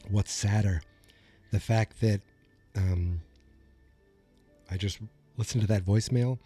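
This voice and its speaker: A man in his forties hosts a comedic solo podcast. He rambles in a self-deprecating, mock-dramatic way. His voice is low and mellow. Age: 40s. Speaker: podcast host.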